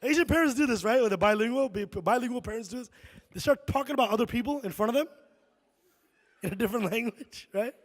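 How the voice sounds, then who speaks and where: A man from Chicago performing animated stand-up comedy on a concert hall stage, often tossing "right?" to the crowd. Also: extremely high pitch, fast talker. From Chicago, USA. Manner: animated storytelling, frequent "right?" asides.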